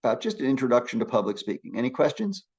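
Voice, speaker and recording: Energetic male lecturer. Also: medium pitch, rapid-fire, husky, dull audio. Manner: energetic, encouraging, with frequent restarts. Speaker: public speaking instructor. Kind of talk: classroom lecture.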